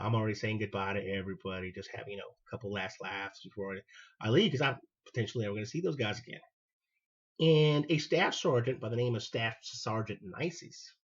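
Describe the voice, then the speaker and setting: Man, husky voice, animated storyteller, acts out the dialogue, dull lo-fi recording. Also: on the low side. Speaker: podcast host, former Marine. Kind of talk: personal storytelling monologue.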